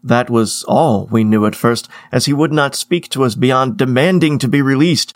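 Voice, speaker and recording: A man reading a first-person story aloud as narrator, in a measured, wry storytelling manner. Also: medium pitch, no room sound, studio quality.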